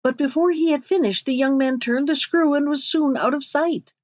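A woman narrates a fairy tale in a measured, expressive reading. Her voice sits a little high. The recording is dry and somewhat lo-fi. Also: dry recording. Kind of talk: storybook reading.

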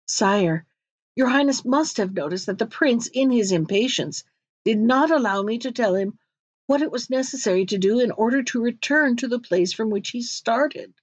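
A woman's voice: on the high side, lively intonation, moderate pace, dry recording, muffled recording. A woman reading the part of a foreign horse merchant who speaks in a courtly, humble, imploring way, in a storybook reading.

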